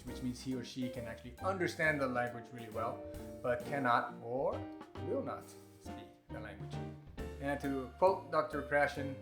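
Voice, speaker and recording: A male host giving casual, chatty, self-deprecating closing remarks to his viewers. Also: mid-range voice. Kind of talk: closing commentary to camera. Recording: roomy voice over music.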